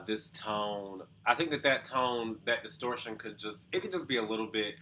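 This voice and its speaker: Bright-voiced man, thoughtful vocal coach. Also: on the low side. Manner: thoughtful, hedging, explains and sings short demos. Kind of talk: casual reaction commentary.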